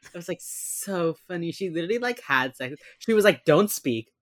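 Brief: woman co-host, casual chat, lively swooping delivery, dry close sound, acts out scenes. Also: lowish voice, a little fast, no echo. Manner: animated retelling, acts out characters' lines, laughs often. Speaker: podcast co-host recapping a TV episode.

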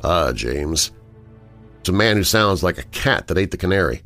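A man narrating a first-person horror story in an expressive storytelling manner. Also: deep voice, fast talker, soft background music.

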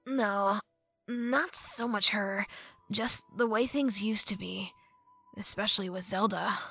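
A woman voicing a soft-spoken young hero. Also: medium pitch, takes it slowly, creaky, slightly rough, no room sound, faint music behind, full character voice. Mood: quiet. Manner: soft, gentle, understated. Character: quiet earnest young male hero. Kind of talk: audiobook character voice.

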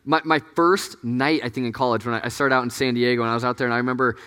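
A man's voice: mid-range voice, fairly even intonation, racing, bright, forceful tone, clear, resonant tone. A man preaching to college students in a casual, joking way, chatty and self-mocking with frequent laughs and fillers, in front of a large audience. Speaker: campus ministry pastor. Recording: long hall reverb.

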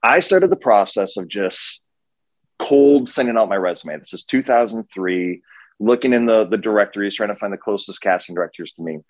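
A man in his forties from Minnesota, telling his career story as an interview guest with lively, self-deprecating energy. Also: lowish voice, normal speed, dry recording, lo-fi sound. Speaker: guest, actor and session director.

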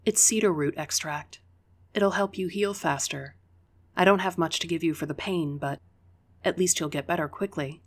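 An audiobook reader voicing a kindly woman who speaks gently and reassuringly. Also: medium pitch, moderate pace, natural voice.

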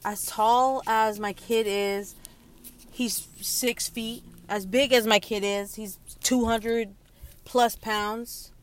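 A young woman and mother speaking in a candid personal monologue, halting and emotional, close to tears. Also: mid-range voice, steady tone, slight background noise. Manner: halting, emotional, many restarts and pauses. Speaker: young mother sharing her story.

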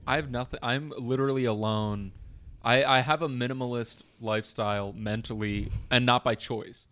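A man's voice: medium pitch, fairly even intonation, normal speed, fairly bright tone, clean tone. A man co-hosting a podcast in casual chat, rambling and self-deprecating with a joking tone. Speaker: podcast co-host.

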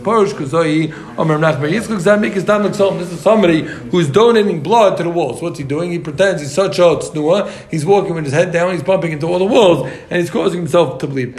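A Talmud teacher with a high-pitched, reverberant voice leads a Gemara class for students. He explains the text and jokes with them along the way, tossing in quick asides.

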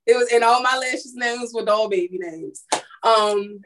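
A woman's voice: on the high side, unhurried, a bit bright. A woman who works as a makeup artist, telling her story in a casual interview, rambling and acting out what people said. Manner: rambling, restarts, acts out quoted dialogue. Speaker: guest, makeup artist and lash business owner.

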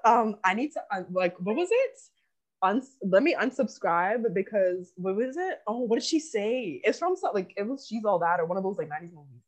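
A woman's voice: medium pitch, sing-song, moderate pace. A young woman co-hosting a podcast in casual chat, playful and laughing often as she retells stories. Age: young adult. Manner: playful, laughs often, quotes people in put-on voices. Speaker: podcast co-host. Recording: dull lo-fi sound.

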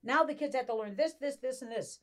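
A middle-aged woman chatting casually, telling animated stories and acting out quoted voices. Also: high voice, fairly quick. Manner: animated storyteller, acts out quotes. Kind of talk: casual chat.

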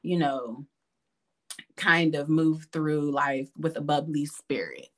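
Woman, podcast guest, lowish voice, animated storytelling, laughs often. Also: slow. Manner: animated, laughing, calls listener "girl". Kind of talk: casual storytelling chat.

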